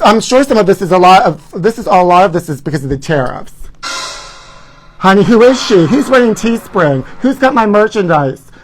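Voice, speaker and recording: Sassy, dramatic man hosting live gossip. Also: a little high. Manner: dramatic, sassy, calls viewers honey. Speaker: host. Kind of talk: campy live gossip chat.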